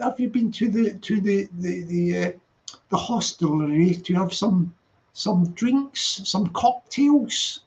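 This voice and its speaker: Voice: medium pitch, takes it slowly, a little mellow. A live stream host, rambling and chatty while reading viewer comments late at night, laughing often.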